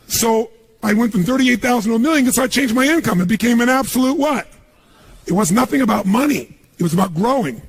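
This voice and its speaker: A man giving a motivational seminar talk on stage, energetic and punchy, firing questions at a live audience. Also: very high-pitched, fast talker, husky. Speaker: motivational speaker.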